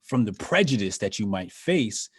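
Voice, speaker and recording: An emphatic man hosting a conversation, who keeps checking in with tag questions. His voice is slightly low. The sound is dry and close to the mic. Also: sing-song, moderate pace, breathy edge, no echo. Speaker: host. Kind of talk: casual conversation.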